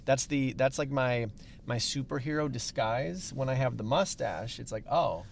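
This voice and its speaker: A man's voice: mid-range voice, moderate pace, vocal fry, slight background noise. A middle-aged man with a Chicago accent, a musician guest chatting in a car with an easygoing manner and dry humor. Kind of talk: casual chat in a car over food. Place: parked car.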